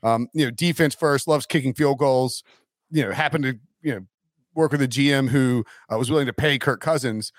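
A man's voice: mid-range voice, moderate pace, dry recording. A man hosting a casual sports podcast, talking in a rambling way with lots of fillers. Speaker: podcast host.

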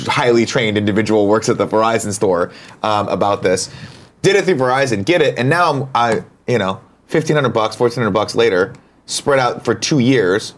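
A man co-hosting a casual morning show, telling an animated, profane story with self-described paranoia. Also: fairly low pitch. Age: older than cohosts. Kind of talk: casual chat.

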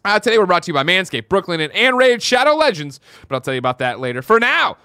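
A man hosting a casual daily video game news show, reading headlines aloud with an animated, jokey delivery. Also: high-pitched, fast talker, clear, resonant tone, no echo, clean studio sound.

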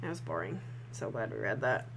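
A woman's voice: a bass voice, big pitch swings, fairly quick, gravelly, slight background noise, low-quality recording. A woman co-hosting a podcast, reading a fan fiction aloud and breaking off for sardonic, laughing asides. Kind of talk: casual chat and mocking read-aloud.

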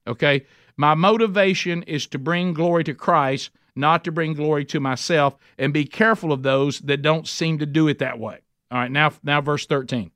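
A man's voice: fairly high pitch, fairly bright tone, no echo, studio quality. A man teaching a men's Bible study, emphatic and conversational, often restarting his sentences.

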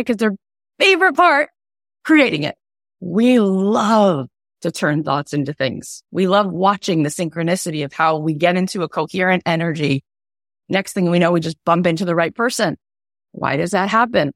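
A woman coach teaching an online workshop in a chatty, animated way, her voice raspy from a cold. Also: fairly low pitch, dry recording, studio quality. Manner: animated, chatty, lots of "right?". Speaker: wealth coach.

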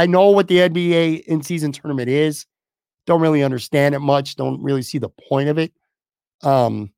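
Gravelly, hoarse sports podcast host. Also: male voice, a little high, darkish tone, no echo, clean studio sound. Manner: blunt, swearing, rambling. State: losing his voice. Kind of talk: casual sports talk.

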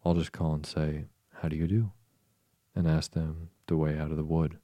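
A man's voice: very deep voice, little pitch movement, normal speed, mellow, no echo. A man reading as Alice, a puzzled girl. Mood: musing. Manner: musing aloud, puzzled questions. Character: curious, chattering young girl. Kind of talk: storybook reading.

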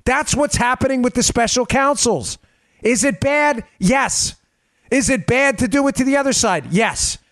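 A man's voice: extremely high pitch, moderate pace, a bit bright, no echo, clean studio sound. A man hosting a political commentary podcast, a former federal agent, talking in an emphatic, punchy way with rhetorical questions.

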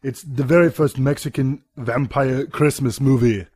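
A man's voice: medium pitch, steady tone, normal speed, darkish tone, slightly rough, no echo, lightly acted. A man doing a comic impression of a self-important Austrian action-star governor, boasting in a thick put-on Austrian accent. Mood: boastful. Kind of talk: comedy sketch monologue.

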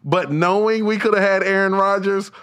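A man's voice: high-pitched, normal speed, a bit bright, clean tone. A man who does stand-up, a podcast guest chatting casually and laughing often. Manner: laughs often, rambling sports talk. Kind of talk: casual chat.

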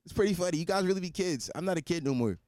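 A man's voice: sits high, animated, rapid-fire, a little mellow, no echo, clean studio sound. Rambling, crude young podcast host man. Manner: rambling, restarts and repeats himself, crude joking; swears freely, slangy and blunt. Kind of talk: casual solo podcast monologue.

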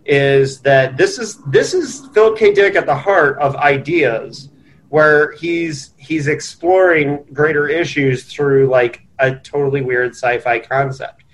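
A man's voice: fairly high pitch, takes it slowly. A man co-hosting a podcast, discussing a novel in casual chat, thinking aloud with earnest restarts. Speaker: podcast co-host.

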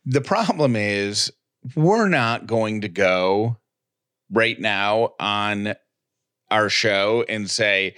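A man's voice: lowish voice, animated, very slow, a bit bright, clean tone, no room sound, studio quality. A man co-hosting a casual chat podcast, playful and rambling, often restarting his sentences. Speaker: podcast co-host.

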